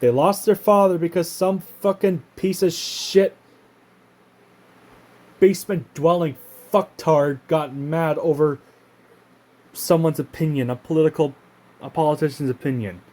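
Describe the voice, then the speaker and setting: An unhurried Canadian man with a fairly high, darkish voice leaves long pauses as he rants to camera on his own channel. His casual talk is indignant and profane, and he often stops and restarts his sentences.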